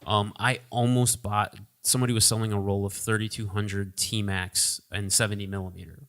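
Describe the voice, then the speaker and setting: A man's voice: on the low side, flat delivery, moderate pace, fairly bright tone. A man in his thirties hosting a casual chat, talkative and teasing. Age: 30s. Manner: chatty, teasing. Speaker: podcast host.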